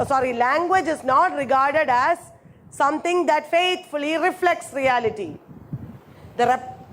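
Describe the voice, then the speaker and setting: High-voiced woman lecturing with repetition. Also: a little hiss or hum. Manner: repeats key phrases slowly, checks understanding. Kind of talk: classroom lecture.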